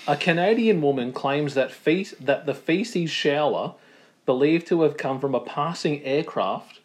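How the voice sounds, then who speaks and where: A man's voice: fairly high pitch, animated, unhurried, a little mellow. An Australian man co-hosting a casual podcast, bantering crudely and laughing along as he reads a story. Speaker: podcast co-host.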